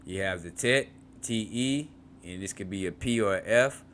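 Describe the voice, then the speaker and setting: A man with a bright, forward voice teaching beginners' Hebrew grammar. He reads textbook passages aloud and then breaks words into syllables, repeating them slowly. He often stops to check in with "right?". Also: fairly low pitch, a little hiss or hum. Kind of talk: informal grammar lesson, reading from a textbook.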